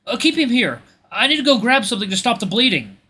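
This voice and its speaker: A man voicing a calm male doctor who speaks softly and reassuringly, giving gentle instructions. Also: extremely high pitch, fast, a little hiss or hum, voice pushed up, heavily acted.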